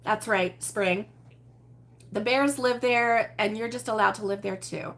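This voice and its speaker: A woman's voice: medium pitch, fairly even intonation, measured pace, fairly bright tone. A woman hosting a casual livestream at home, chatting with viewers in a chatty, exclamatory way and laughing often. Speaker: host of a crochet livestream. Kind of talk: casual livestream chat answering viewer comments. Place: at home with her husband nearby.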